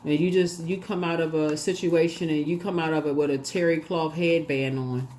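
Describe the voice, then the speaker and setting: A woman giving a casual tarot reading, chatty and animated, laughing often and talking straight to her viewers. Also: low-pitched, moderate pace, a little hiss or hum. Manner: addresses viewers directly and casually. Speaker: tarot reader.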